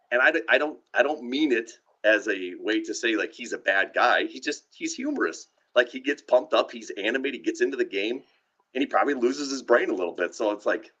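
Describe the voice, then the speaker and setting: Medium-pitched and sharp-toned, a podcast co-host spins a casual, wandering story over dull, lo-fi live stream audio. He laughs along the way and keeps restarting his sentences.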